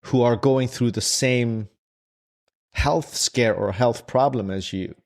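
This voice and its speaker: A man's voice: mid-range voice, slow pace, creaky. A man hosting an interview, asking long, winding questions full of restarts. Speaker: podcast host. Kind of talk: interview conversation.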